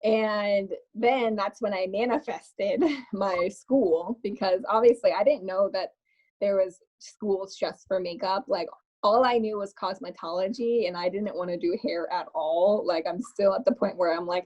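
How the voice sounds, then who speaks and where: A woman's voice: mid-range voice, a little slow, a little mellow, muffled recording. A woman guest on a podcast telling her story in a casual, chatty way, laughing often and filling her speech with little fillers. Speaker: podcast guest, makeup artist.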